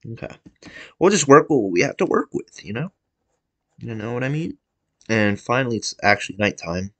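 A man giving casual let's-play commentary, excitable, swinging between mumbled jokey asides and yelling at his game character. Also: on the low side. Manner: jokey self-talk with wordplay. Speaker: gameplay commentator.

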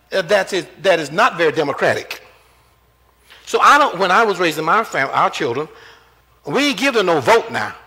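Older man, bishop, preaching, call-and-response, bright tone, fairly high voice. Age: 70s. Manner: call-and-response questioning, emphatic repetition; down-home grammar, shifting between quiet asides and loud emphasis. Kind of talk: sermon.

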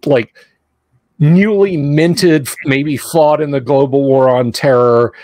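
A man hosting a casual podcast chat about movies, rambling and animated with quick asides. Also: fairly high pitch, dry recording. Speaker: podcast host.

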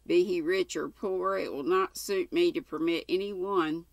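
A woman's voice: on the low side, moderate pace, gravelly, no room sound. Stern harsh landlord, read by a woman. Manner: curt and cold. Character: stern, harsh middle-aged male landlord.

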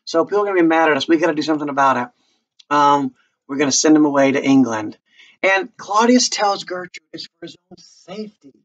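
Man, casual teacher, chatty, slightly high voice, lo-fi sound. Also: expressive, brisk. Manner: chatty, slips into character voices. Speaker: teacher explaining a play. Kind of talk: casual lecture with dramatic readings.

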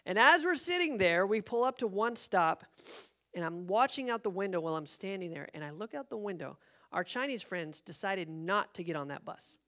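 A man preaching as a pastor, telling a personal story in an animated way and acting out the quotes. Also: sits high, moderate pace. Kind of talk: sermon storytelling. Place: church sanctuary.

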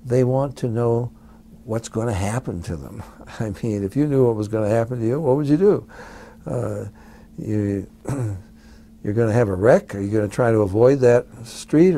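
A man and author talking in a relaxed, chatty way during an interview. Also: mid-range voice, moderate pace. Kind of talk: conversational interview.

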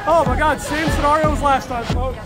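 A man vlogging his softball game outdoors, giving excitable, jokey play-by-play and cheering teammates on by nickname. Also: very high voice, a little fast, loud music behind the voice, a loud crowd.

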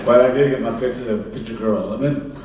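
An older man telling stories from his life as an interview guest on stage, chuckling often and pausing with fillers. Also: medium pitch, fairly even intonation, darkish tone. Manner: anecdotal, chuckling, halting with fillers. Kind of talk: live stage conversation, storytelling. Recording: roomy, distant mic in a hall.

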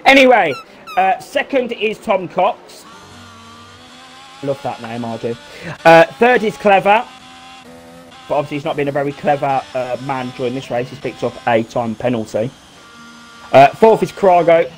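A British man giving casual live commentary on an online racing league, chatty and teasing, jumping into excited shouts. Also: medium pitch. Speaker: race commentator.

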